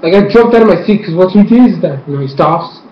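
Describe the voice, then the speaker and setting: Excitable young man rambling a recap. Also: sits high, fast, slight background noise. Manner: rambling, animated, acts out scenes with sound effects. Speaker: fan reviewer. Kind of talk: excited casual episode recap. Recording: lo-fi echoey room, faint ambience.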